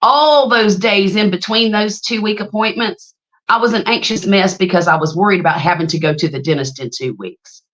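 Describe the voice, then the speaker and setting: A woman's voice: medium pitch, moderate pace, fairly bright tone, dull audio. A woman, hosting a casual livestream, telling stories, greeting viewers by name and laughing often. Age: 50s. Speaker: livestream host.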